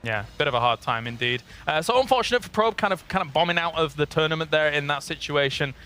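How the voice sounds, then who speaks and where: Guy hosting esports desk, bright voice, keeps tossing questions to the analysts. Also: a little high, expressive. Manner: leads the panel with questions and quick agreement.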